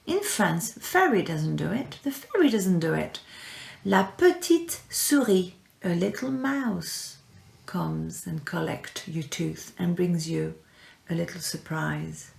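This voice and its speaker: Slow, lively woman teaching children. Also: lowish voice. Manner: slow, clear, encouraging, repeats words for pupils. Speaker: primary school French teacher. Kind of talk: recorded classroom lesson for children. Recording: echoey room.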